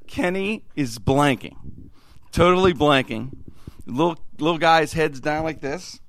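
A man's voice: a little high, measured pace. A middle-aged man hosting a podcast, telling a story casually and acting out the quotes. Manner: animated, acts out quotes. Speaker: podcast host.

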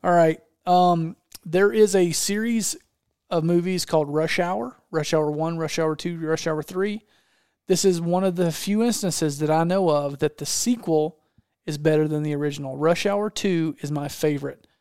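A man in easy conversation who rambles with enthusiasm and keeps circling back to restart his thoughts. His voice is smooth and clear, pitched a little high, and sits close and dry on the mic. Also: normal speed, darkish tone, no echo. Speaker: podcast host. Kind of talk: casual chat.

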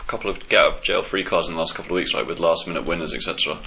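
Male co-host, deep with vocal fry, dry and blunt in casual chat. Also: rapid-fire, sharp tone, slight background noise. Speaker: podcast co-host. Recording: slightly dull, lo-fi.

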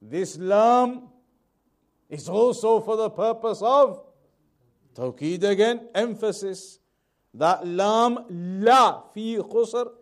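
A man teaching a lesson on Quran commentary, repeating key points and reading Arabic quickly before translating it slowly. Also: high voice. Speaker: Islamic teacher.

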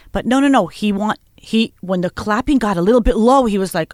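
A woman's voice: mid-range voice, animated, brisk, few pauses, a little mellow, dry recording, clean studio sound. A woman co-hosting a talk show, gossiping about celebrities in an emphatic, gushing way. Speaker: co-host. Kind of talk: casual celebrity gossip chat.

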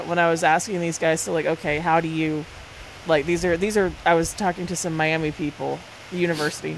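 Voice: medium pitch, a little hiss or hum, low-quality recording. A co-host of a sports podcast, rambling and self-deprecating and full of fillers. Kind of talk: casual comedic chat.

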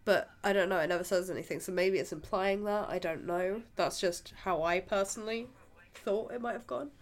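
A woman's voice: mid-range voice, fairly quick. A woman co-hosting a podcast, chatting casually and giggling through a film review with lots of fillers. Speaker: podcast co-host.

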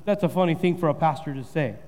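A man pastor delivers a sermon in a high, ringing voice. He drives points home by repeating phrases and building emphasis. The sound carries the long reverb of a church hall. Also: fast, darkish tone. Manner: preaching with rising emphasis and repetition.

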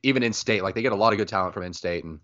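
A man's voice: on the low side, very fast, a bit bright, lo-fi sound. A man co-hosting a podcast, chatting loosely about college football with jokes and lots of fillers. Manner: loose, joking, many fillers. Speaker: podcast co-host. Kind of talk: casual sports chat.

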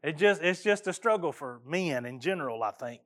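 High-voiced pastor preaching earnestly. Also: male voice, animated, fairly quick. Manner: folksy and earnest, with repeated restarts. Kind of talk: sermon.

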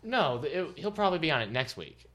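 A man's voice: fairly high pitch, big pitch swings, fast, a bit bright. A man co-hosting a casual podcast, teasing his partner playfully and agreeing often. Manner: teasing, playful, says yeah a lot. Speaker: podcast co-host. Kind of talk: casual chat.

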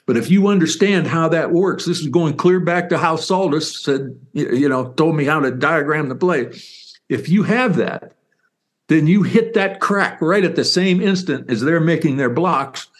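An older man, a former football player and author, telling stories in an interview with animated, rambling enthusiasm. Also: on the high side, moderate pace. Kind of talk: interview storytelling.

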